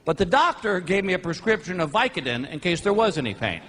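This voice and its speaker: Animated male stand-up comic, high voice. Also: fast. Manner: animated storytelling, bursts into shouted punchlines. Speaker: stand-up comedian. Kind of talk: stand-up comedy routine. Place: comedy stage before a live audience. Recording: live stage audio with crowd noise.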